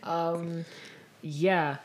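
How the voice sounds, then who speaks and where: A woman's voice: fairly low pitch, steady tone, extremely slow. A woman co-hosting a podcast in casual chat, laughing often and shrieking when amused. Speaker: podcast co-host.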